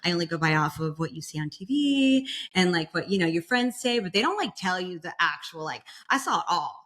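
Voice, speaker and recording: A woman's voice: fairly low pitch, brisk. A young woman chatting casually as a podcast guest, telling a long story and acting out the voices of the people in it. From Florida. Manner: animated, acts out quoted voices.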